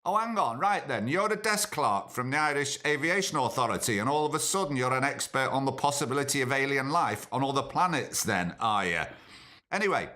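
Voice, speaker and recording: A man's voice: medium pitch, animated, a little fast, bright, forceful tone. A man hosting a podcast as a casual, jokey monologue full of sardonic asides. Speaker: podcast host.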